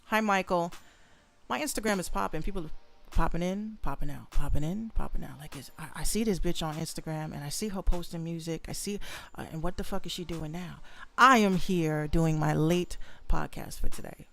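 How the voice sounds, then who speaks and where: A woman's voice: fairly low pitch, a little fast, gravelly. A young adult woman hosting a casual solo podcast from her bedroom, talking bluntly with plenty of swearing. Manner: blunt, profane and animated. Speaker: podcast host and rapper.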